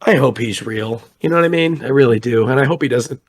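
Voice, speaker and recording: A man's voice: medium pitch, fast. A young man with a mid-range voice, chatting loosely on a late-night stream. He rambles from one story to the next and slips into the voices of the people he quotes. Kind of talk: casual chat.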